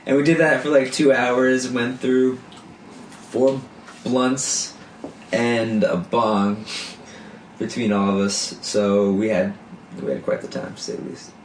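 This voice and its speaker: A man slowly recounting a story in casual podcast chat. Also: medium pitch, fairly even intonation. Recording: roomy, distant mic with faint noise.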